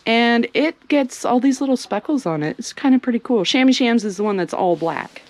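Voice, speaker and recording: A woman chatting casually as she walks through her homestead showing the animals, sometimes cooing at them in a high sing-song. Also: lively intonation, normal speed, hardly any pauses. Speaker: homestead vlogger. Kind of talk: casual walking tour vlog. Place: outdoors on a homestead among animals.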